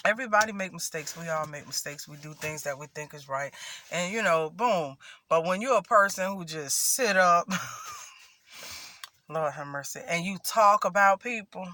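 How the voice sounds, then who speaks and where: A man's voice: sits high, measured pace, sharp tone, a little hiss or hum. A man chatting to camera as a vlogger, sassy and chatty, calling himself by a nickname in the third person. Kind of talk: casual chat to camera. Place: at home in Florida.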